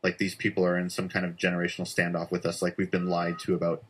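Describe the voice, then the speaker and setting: A man voicing an earnest young explorer who talks in an anxious, pleading way, in a low voice. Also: completely flat delivery, quick pace, a bit bright, slight background noise.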